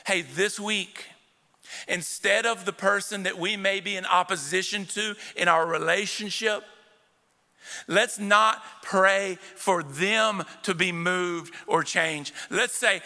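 A man's voice: high voice, steady tone, slow, sharp tone. A male pastor preaching a sermon to a live congregation, emphatic and calling out directly to his listeners. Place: church sanctuary with a live congregation. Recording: long church hall reverb.

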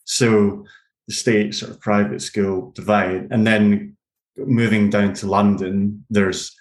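A man with an Edinburgh Scottish accent answers questions as a podcast guest. His voice is on the low side, and the room gives it a noticeable echo. He speaks haltingly, repeating words as he works out his thoughts. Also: level tone. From Scotland. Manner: halting, repeats words while thinking aloud. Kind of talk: conversational interview answers.

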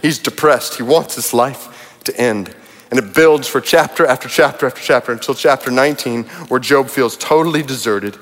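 A man's voice: mid-range voice, moderate pace, long reverb tail. A man preaching a sermon as pastor, reading scripture aloud and building to urgent appeals. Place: large church auditorium.

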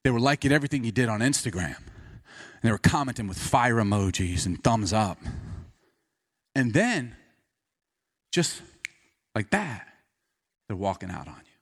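A man preaching a sermon, telling the story with animation and dropping to quiet intensity. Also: lowish voice, very animated, moderate pace, pauses often.

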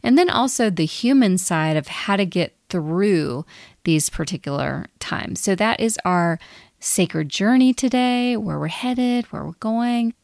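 A woman's voice: medium pitch, animated, measured pace, vocal fry, a little mellow, no echo, studio quality. A woman co-hosting a spiritual podcast, talking casually about the ego, often laughing and stretching out her words for emphasis. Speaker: podcast co-host, psychic medium.

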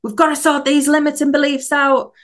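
A woman's voice: high voice, flat delivery, fairly quick, fairly bright tone, pitched above the performer's own voice. A woman voicing a nagging, scornful shoulder devil that plays her inner critic. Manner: scolding, dismissive.

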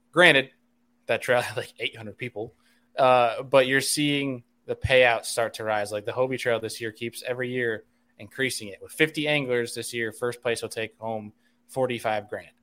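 A man in casual podcast conversation, speaking at an ordinary pitch. He rambles, restarting his sentences and padding them with "like" and "you know". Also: a bit bright, clear, resonant tone. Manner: rambling, many fillers and restarts. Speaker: podcast co-host, fishing industry insider. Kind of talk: casual chat.

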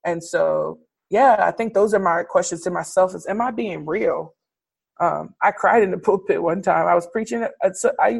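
A woman preacher and teacher reflecting candidly in conversation, animated and expressive, laughing often. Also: mid-range voice, creaky, breathy edge.

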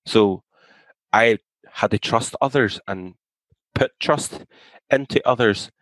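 A man's voice: fairly low pitch, takes it slowly, a bit bright, dry recording, poor audio. A young man speaking candidly as a podcast guest, blunt and outspoken, swearing freely. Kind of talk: candid conversation.

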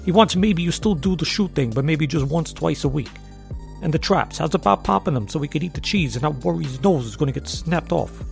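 A man's voice: fairly high pitch, expressive, fairly quick, vocal fry, soft background music. A man voicing a big green male parrot who talks like a street-smart mob go-between in a storybook tale. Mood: bargaining. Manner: wiseguy street talk, bargaining.

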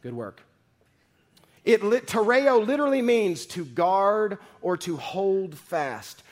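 A man preaching a sermon, reading scripture dramatically and swinging from loud, emphatic lines to hushed ones. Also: high voice, very animated, takes it slowly. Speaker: pastor.

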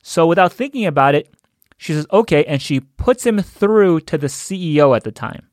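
A man's voice: on the high side, lively intonation, normal speed, no echo, studio quality. A man in a conversational storytelling talk who chuckles as he goes. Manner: conversational, chuckles while telling.

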